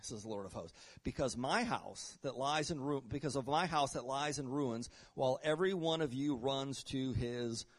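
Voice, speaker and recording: A man preaching a sermon to his congregation, rising and dropping in pitch and volume, calling out "right?" and "Amen?" and reading scripture aloud. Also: normal speed, few pauses. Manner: repeats and restarts words, asks congregation "right?" and "Amen?". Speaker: pastor.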